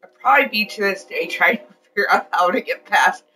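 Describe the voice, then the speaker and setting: A woman co-hosting a casual chat, playful and excitable, teasing her husband. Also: mid-range voice, a little fast, recorded from a distance, faint music behind. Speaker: co-host.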